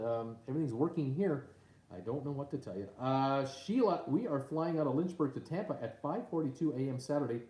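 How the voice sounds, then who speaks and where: A slightly mellow man with a voice in the middle range is live streaming casually from home using his tablet. Reading his viewers' comments out loud, he leans heavily on fillers like um and uh. The sound comes through the tablet mic, bouncing around an echoey room.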